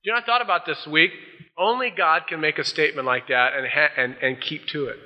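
A man's voice: a little high, a little fast. A male pastor preaching a folksy sermon, acting out the voices he quotes. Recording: dull old sermon tape in a large hall.

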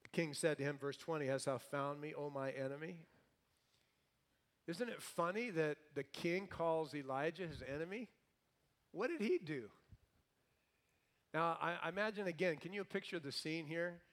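A male pastor preaching a sermon, lively and playful, with comic asides. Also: fairly high pitch, normal speed.

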